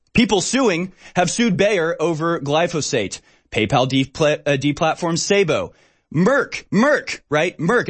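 Exasperated ranting man, raised pitch. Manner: exasperated, sarcastic, with short laughs and many fillers. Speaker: talk show host. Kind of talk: ranting news commentary.

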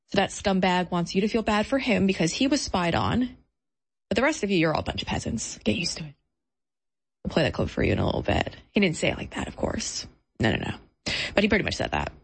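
A woman hosting a political talk show, running through the day's lineup in a brisk, emphatic and combative manner. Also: lowish voice.

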